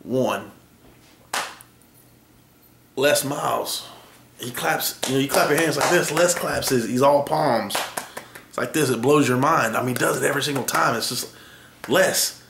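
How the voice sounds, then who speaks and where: A man's voice: mid-range voice, a little slow, vocal fry, long pauses, roomy sound, background noise. A man playing a brash college football coach, mocking a rival coach in a comedic impression. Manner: mocking, trash-talking.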